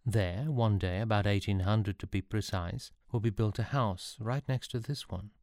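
A man's voice: fairly low pitch, moderate pace, a little mellow, no room sound, clean studio sound, close to an everyday voice. A man voicing a lonely young man lost in time, asking questions in a plain, wondering way.

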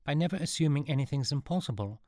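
A bewildered, earnest young boy, as a man reads him, pitched up and asking one puzzled question after another. The storybook voice is raised and uncertain, and the sound is close and dry. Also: animated, fast talker, dark tone, no room sound, lightly acted.

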